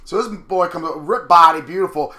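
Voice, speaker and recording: A man co-hosting a casual chat, telling animated stories and acting out what people said. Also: a little high, over a noisy crowd. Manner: animated, quick storytelling with quoted asides. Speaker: podcast co-host.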